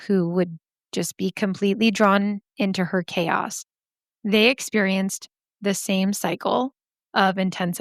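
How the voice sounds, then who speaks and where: A woman hosts a true-crime podcast in a relaxed, chatty way. Her voice sits in an ordinary middle range and is recorded dry and close, with almost no room sound. She laughs often and breaks in with sassy asides. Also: mid-range voice, no echo. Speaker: podcast host. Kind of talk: casual true-crime storytelling.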